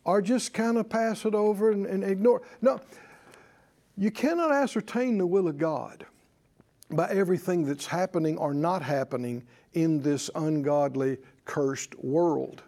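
A man's voice: high voice, unhurried, warm tone. A man preaching a sermon to a congregation, emphatic and leading them in call-and-response. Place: church service with congregation.

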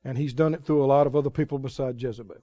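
A man preaching a sermon dramatically, swinging between booming lines and hushed asides. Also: fairly even intonation, racing, dry recording. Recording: dull lo-fi, dry sermon recording.

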